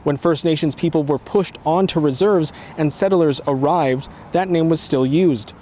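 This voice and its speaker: A man's voice: fairly high pitch, warm tone. Man reporting news over faint street noise. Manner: measured, explanatory delivery.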